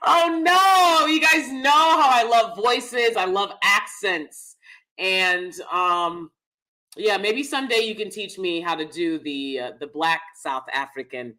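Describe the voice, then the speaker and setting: A woman's voice: medium pitch, lively intonation, measured pace, pushed and bright. A woman hosting a live-stream commentary, talking straight to her viewers in an emphatic, chatty way and repeating her key phrases for stress. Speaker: host.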